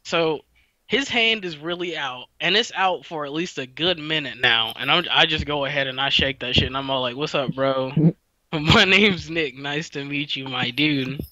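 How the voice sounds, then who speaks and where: A man's voice: a little high, normal speed, sharp tone, no room sound, dull audio. Laid-back young guy telling a rambling story. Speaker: podcast host. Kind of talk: casual storytelling.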